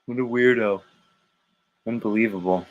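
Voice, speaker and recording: A man's voice: lowish voice, steady tone, normal speed, lo-fi sound. A man hosting a morning livestream in casual chat, reading out the chat, laughing a lot and swearing. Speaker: livestream host.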